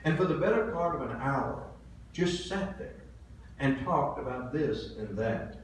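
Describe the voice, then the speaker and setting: A man in his seventies, a pastor delivering a sermon, telling stories earnestly and swinging between soft and loud. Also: mid-range voice, lively intonation, unhurried, distant mic. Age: 70s. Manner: earnest storytelling, swelling and dropping in volume. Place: church sanctuary. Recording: very echoey hall from afar, faint hiss.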